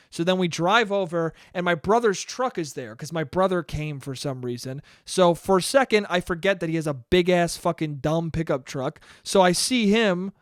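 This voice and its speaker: Young guy podcasting solo, high voice, super dry close sound, swears a lot. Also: normal speed, hardly any pauses, smooth, no echo. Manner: animated, swears often, acts out quotes. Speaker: podcast host. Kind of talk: casual storytelling monologue.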